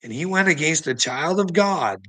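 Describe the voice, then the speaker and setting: A man talks straight to his viewers in a loose, rambling vlog monologue, swearing freely. His voice is bright and pushed forward, and he keeps breaking into short laughs between lines. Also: a little high, expressive, moderate pace. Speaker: channel host.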